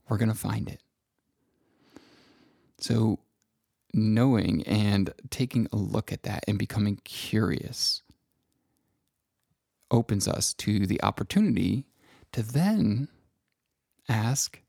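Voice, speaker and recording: A middle-aged man talks in a slow, contemplative monologue, pausing often as he reflects. His low voice carries a gravelly fry. The sound is dry and close, with no room around it. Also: dry recording. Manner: slow, gentle and contemplative, with long pauses. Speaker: self-help speaker.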